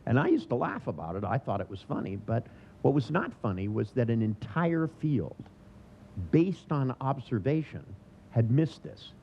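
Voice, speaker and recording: A man's voice: medium pitch, big pitch swings, moderate pace, vocal fry. A man in his sixties giving a humorous seminar lecture, sardonic in tone and acting out the voices he quotes. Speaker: seminar trainer. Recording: dull lo-fi recording with faint noise.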